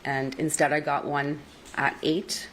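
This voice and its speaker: Low-voiced woman testifying in court. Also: little pitch movement, a little slow, a little hiss or hum, poor audio. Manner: recounting events at length, quoting others. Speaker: trial witness.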